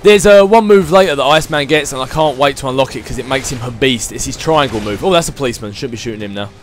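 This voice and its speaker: A man chatting excitably through his let's play commentary as he plays a video game, thinking aloud as he goes. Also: medium pitch, quick pace, soft background music. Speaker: gaming channel host.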